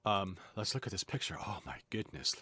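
Man host for a casual lesson: low, lively pitch, jokey asides, dry close sound. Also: brisk, husky, dry recording. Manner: chatty, jokey asides, wanders off script. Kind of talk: casual lesson, reading aloud.

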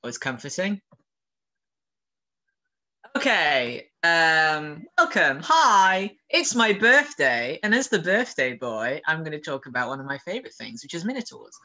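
A man giving a casual online lecture as a guest speaker, hesitating often and filling pauses with "um" and "like". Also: on the high side, very animated, pushed and bright, poor audio. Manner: hesitant, frequent "um" and "like".

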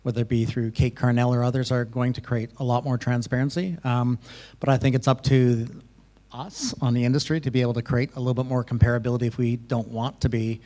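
A man's voice: medium pitch, little pitch movement, quick pace, mellow. A man speaking as a panelist, reflective, with some "um" fillers. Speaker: lending panelist. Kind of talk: panel discussion.

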